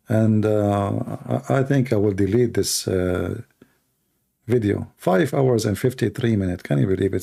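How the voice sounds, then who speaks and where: A tired, hoarse-voiced Christian apologist from the Middle East, an Arabic speaker by birth, answers questions on a casual live Q&A stream with blunt sarcasm and rhetorical questions. His gravelly voice is fairly low and mellow, and he speaks unhurriedly with frequent pauses.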